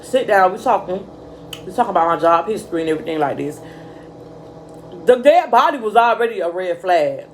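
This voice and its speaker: A young woman vlogger telling a casual storytime, animated and profane, calling her viewers y'all. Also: on the low side, brisk, a little hiss or hum, low-quality recording.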